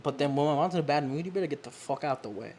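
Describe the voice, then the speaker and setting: A woman's voice: deep voice, very fast, a little hiss or hum. A young woman, chatting casually on a couch, acting out the voices in her stories and laughing often. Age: young adult. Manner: animated storyteller, acts out quoted voices, laughs often. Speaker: guest. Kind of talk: casual chat. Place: living room, seated on a couch.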